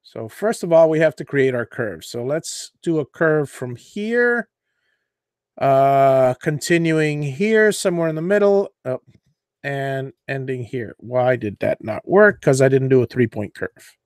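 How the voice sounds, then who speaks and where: A man hosting a live CNC tutorial, walking viewers through design software while thinking aloud, with fillers and self-corrections. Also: medium pitch, lively intonation, a little slow, no room sound, studio quality. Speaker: host of a CNC woodworking show.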